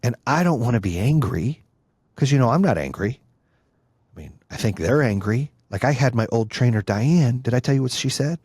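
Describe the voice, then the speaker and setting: A man's voice: mid-range voice, animated, moderate pace, darkish tone, husky, dry recording, clean studio sound. A middle-aged man talking as a podcast guest in casual conversation, blunt and heated, swearing freely and repeating his points for force.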